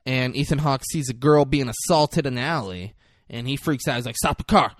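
A man's voice: medium pitch, brisk, dry recording, clean studio sound. A young man chatting casually, retelling a movie with lots of swearing and acting out the characters' lines. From grew up locally. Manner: animated, profane, acts out characters' lines.

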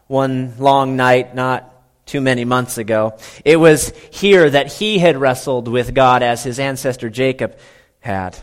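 A male pastor preaching a sermon, telling the story dramatically with big swings between loud and hushed. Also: medium pitch.

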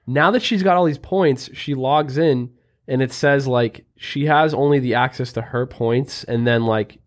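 A young man talks casually on a podcast, wandering through anecdotes with plenty of fillers. His voice sits at an ordinary middle pitch, and his delivery stays loose and conversational. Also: a little slow. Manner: rambling storyteller, lots of "like" fillers. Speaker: podcast co-host. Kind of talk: casual chat.

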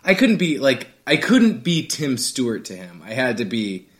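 A man co-hosting a chat podcast, telling a story with lots of energy. His pitch rises and falls widely as he mimics the people he is quoting. The delivery is casual and expressive. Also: moderate pace. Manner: animated storytelling, acts out quoted people. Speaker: podcast co-host.

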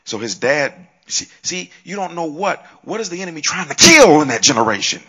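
A man's voice: a little high, sing-song, brisk, sharp tone. A man co-hosting a Christian talk show, preaching with emphatic, punchy repeated lines.

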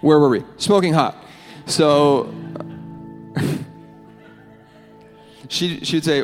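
A pastor preaching a sermon in earnest, with playful asides, in a church. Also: male voice, on the high side, drawn-out words, pauses often. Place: church hall with band. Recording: long hall reverb, faint music.

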